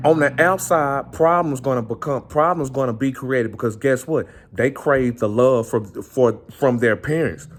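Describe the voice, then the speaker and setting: An earnest man talks straight to the camera in a heartfelt monologue. He keeps circling back over his own phrases, repeating them for weight, with a voice of middling pitch. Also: moderate pace, few pauses. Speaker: vlogger. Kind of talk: impassioned personal monologue.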